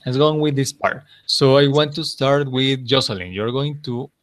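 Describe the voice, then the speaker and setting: A man's voice: medium pitch, normal speed. A man teaching an English class, patiently repeating answers and praising his students.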